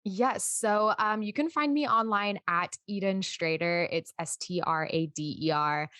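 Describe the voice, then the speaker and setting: A woman's voice: mid-range voice, a little slow, sharp tone, no room sound, clean studio sound. A young woman from the United States, a podcast guest and entrepreneur, talking in casual interview chat, emphatic and full of "like". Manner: chatty, emphatic, heavy use of "like".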